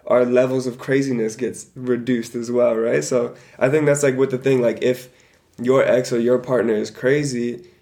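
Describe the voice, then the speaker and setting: A young man co-hosting a casual podcast, talking in a relaxed, rambling way with plenty of filler words. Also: mid-range voice, normal speed. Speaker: podcast co-host. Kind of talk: casual chat.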